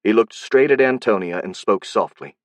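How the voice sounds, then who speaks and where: Low-voiced male audiobook narrator. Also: normal speed, no room sound.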